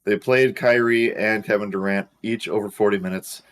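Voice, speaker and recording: A man's voice: lowish voice, fairly even intonation, normal speed. A man co-hosting a sports show, giving opinionated takes backed by minutes and stats. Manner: opinionated, builds arguments with stats. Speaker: co-host of a sports betting show. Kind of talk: casual sports chat.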